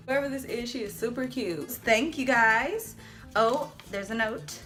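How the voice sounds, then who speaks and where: An excitable woman chatters through a casual unboxing at home, her voice bright and ringing and pitched a little high. Soft music plays faintly underneath her. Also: a little slow. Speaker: vlogger unboxing hair products. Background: faint background music.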